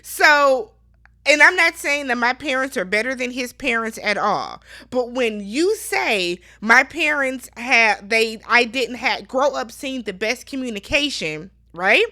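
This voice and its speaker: A young adult woman hosting a casual TV recap, giving sassy, animated commentary full of exclamations. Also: a little high, measured pace. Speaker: recap show host. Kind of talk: casual chat recapping a TV show.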